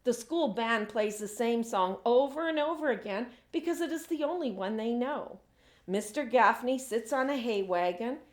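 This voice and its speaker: A woman, a children's author, reading her picture book aloud in an expressive storytelling way. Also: a little high, moderate pace. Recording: echoey room.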